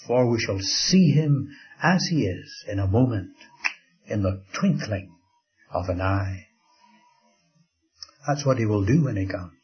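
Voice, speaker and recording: Older man preaching a sermon, dull recording. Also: medium pitch. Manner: slow, dramatic storytelling with soft drops to a hush.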